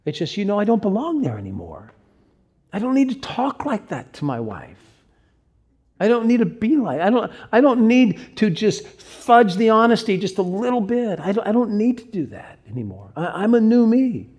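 A man from Ohio preaching a sermon, swinging between loud emphatic lines and hushed, slowed-down asides. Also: high voice, very animated, breathy edge. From Cincinnati, Ohio. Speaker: pastor.

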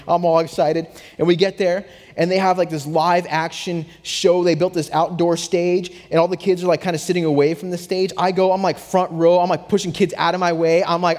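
A young adult man preaching a sermon, telling a story with animated swings from hushed to excited. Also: high voice, fairly quick. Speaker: pastor. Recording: long hall reverb.

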